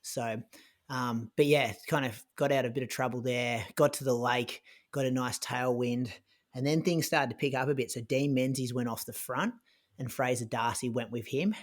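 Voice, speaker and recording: A man's voice: mid-range voice, normal speed. Chatty man retelling a race. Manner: chatty, lots of "like" and restarts, animated in retelling. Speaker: podcast co-host recounting his race. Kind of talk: casual conversational storytelling.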